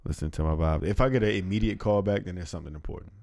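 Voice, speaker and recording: A man's voice: low voice, racing, vocal fry, darkish tone, no room sound, studio quality. A young man co-hosting a casual podcast, laid-back and joking, with sudden bursts of laughter. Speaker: podcast co-host. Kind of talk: casual chat.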